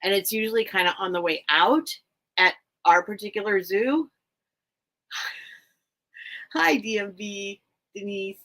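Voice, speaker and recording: A woman's voice: mid-range voice, fairly even intonation, moderate pace, sharp tone. Lady doing a casual live sale stream from home, rambly and chatty, greeting viewers. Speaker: host of a live online vintage sale.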